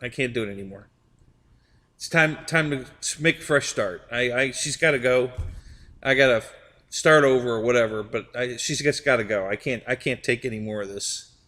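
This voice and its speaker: A man's voice: mid-range voice, normal speed, bright, forceful tone, big-room sound. A man hosting a live stream, chatting casually with viewers, rambling and repeating his words and laughing often.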